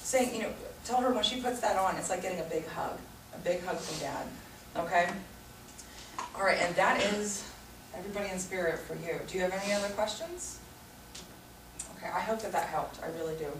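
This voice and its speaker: A woman working as a psychic medium who gives a group reading to an audience, talking in a warm, chatty way full of "you know.". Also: on the low side, brisk, far from the mic. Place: room with a small audience. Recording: echoey room recorded from afar, noisy.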